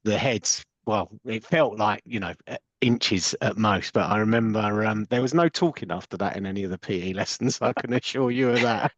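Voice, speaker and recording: A man's voice: lowish voice, moderate pace, few pauses, dry recording. A British man co-hosting a podcast, reminiscing casually and easily amused. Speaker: podcast co-host. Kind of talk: casual chat. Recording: dull lo-fi audio.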